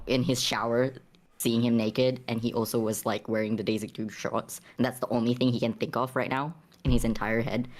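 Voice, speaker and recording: A man in a tabletop game slowly describing what his character does, with a middle-pitched voice. He rambles and hesitates, restarting his sentences and leaning on "um" and "like". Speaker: player.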